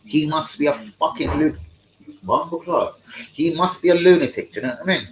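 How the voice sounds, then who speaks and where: A man's voice: a little high, expressive, a little fast, a little hiss or hum, poor audio. A young man hosting a live fan stream, profane, combative and mocking as he talks to his chat. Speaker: fan channel host. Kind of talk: live-stream football rant.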